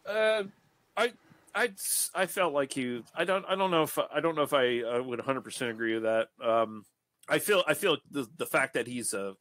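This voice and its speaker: A man's voice: mid-range voice, fairly bright tone, dry recording. A man co-hosting a podcast, explaining film history in a casual, hedging way. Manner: hedging, explanatory, many fillers like "like" and "you know". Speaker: podcast co-host. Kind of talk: casual movie-discussion chat.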